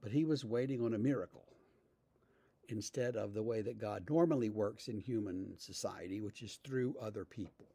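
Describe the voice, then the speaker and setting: A male pastor giving a relaxed, conversational devotional talk, telling stories with frequent fillers. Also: fairly low pitch, normal speed, gravelly, breathy edge, no room sound.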